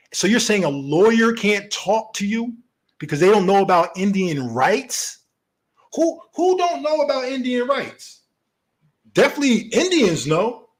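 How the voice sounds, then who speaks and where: A man rants in a confrontational, profane voice, his high pitch swinging widely. He argues point by point, calling out his opponent with heated commentary. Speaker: online commentator.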